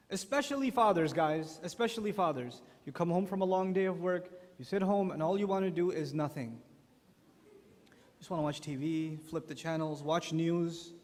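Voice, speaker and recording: A male preacher gives an animated, joking talk to a live audience of parents. His voice sits high for a man, and it rings with a long echo around a large hall. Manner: animated, acts out quotes. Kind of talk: humorous sermon talk. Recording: echoey hall.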